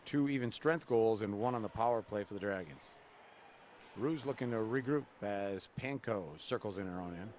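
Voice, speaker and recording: Low-voiced man calling college hockey. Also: moderate pace, a little hiss or hum. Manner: relaxed, chatty, jokes with the camera person between plays. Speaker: play-by-play announcer. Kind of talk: live hockey play-by-play. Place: college ice rink.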